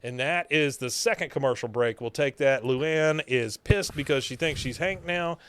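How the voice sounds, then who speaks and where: A man's voice: medium pitch, moderate pace, fairly bright tone, smooth, no room sound. A man co-hosting a podcast, casually recapping a cartoon episode and acting out lines with laughs. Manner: retells scenes, acting out characters' lines with laughs. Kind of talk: casual chat.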